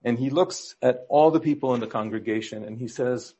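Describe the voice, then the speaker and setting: A man preaching a sermon, telling jokes in a storytelling way and acting out the quoted characters with rises in pitch. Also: a little fast, few pauses, warm tone, slightly rough. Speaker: pastor.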